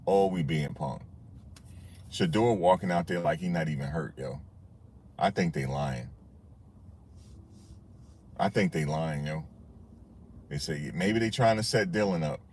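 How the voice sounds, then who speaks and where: A man with a very low voice riffs through a casual sports reaction, slangy and emphatic. He keeps circling back to repeat his points, and a faint hiss of noise sits under his voice. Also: measured pace, long pauses, darkish tone. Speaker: sports commentary channel host.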